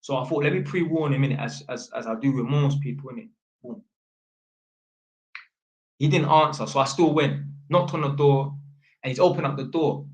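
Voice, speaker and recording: A man's voice: mid-range voice, moderate pace, pauses often. A man, an electrician telling a long, slangy, rambling story for his vlog, full of fillers and restarts. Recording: roomy echo.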